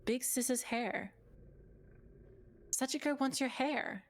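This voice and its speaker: A woman voicing an eerie, demanding little ghost girl in a soft, quiet childlike way while reading a horror game aloud. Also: sits high, slow pace.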